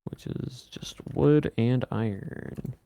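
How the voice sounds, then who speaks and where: A man casually commenting on his game over voice chat, calmly explaining things step by step. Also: medium pitch, slow, vocal fry, slight background noise. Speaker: streamer playing with friends.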